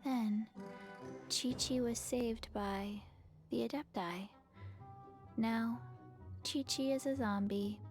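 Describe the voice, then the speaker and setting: A woman voicing a small deadpan zombie girl who works at a pharmacy and speaks in a flat monotone, calling herself by name. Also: fairly high pitch, slow, long pauses, soft background music.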